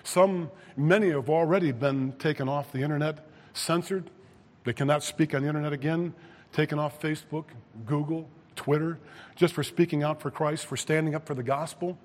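A man's voice: fairly high pitch, fairly even intonation, a little fast, big-room sound. A man preaching a sermon, reading scripture and rising to emphatic peaks. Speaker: pastor.

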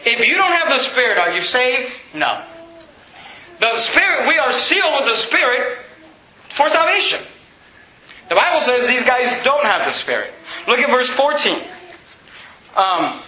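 A pastor delivering an emphatic sermon, a man who rises to shouts and reads scripture aloud to his congregation. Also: very high-pitched. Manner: emphatic preaching, rising to shouts. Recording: echoey room, dull lo-fi sound.

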